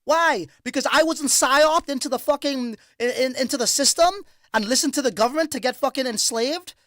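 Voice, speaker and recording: A man hosting a livestream, telling stories in casual, profane, animated chat. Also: very high voice, a little fast, no room sound, clean studio sound. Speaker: crypto livestream host.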